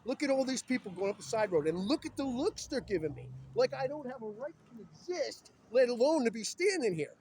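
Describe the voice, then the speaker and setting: A man's voice: extremely high pitch, expressive, brisk, few pauses, a little mellow, slight background noise. A man talking in an agitated, urgent and rambling way while filming himself on his phone outdoors beside a busy road. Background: passing vehicles.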